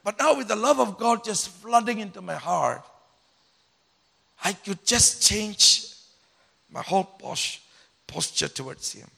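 A man, a pastor, telling a personal story in a sermon in an animated way, swinging between loud and hushed. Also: high-pitched, a little slow, vocal fry, long pauses, slightly rough. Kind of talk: sermon testimony.

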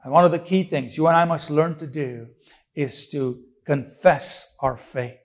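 A man's voice: a little high, measured pace. A man preaching a sermon, emphatic and repetitive, with rhetorical questions and frequent restarts.

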